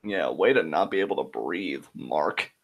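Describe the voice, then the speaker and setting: A man's voice: rumbling low, animated, normal speed, vocal fry. A man co-hosting a live wrestling reaction show in casual, crude, sarcastic chat, swearing freely.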